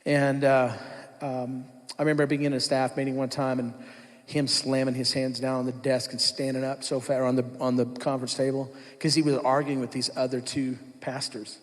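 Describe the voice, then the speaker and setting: A man's voice: medium pitch, little pitch movement, moderate pace. A man giving his testimony at church, telling his story candidly and acting out his past self. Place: church hall. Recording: long hall reverb.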